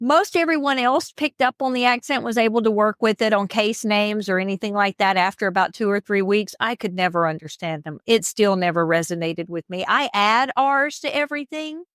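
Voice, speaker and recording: A woman with a Southern US accent, co-hosting a podcast in casual, animated chat. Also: medium pitch, brisk, hardly any pauses, no room sound, studio quality. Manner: chatty, animated storyteller with emphatic asides. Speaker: podcast co-host.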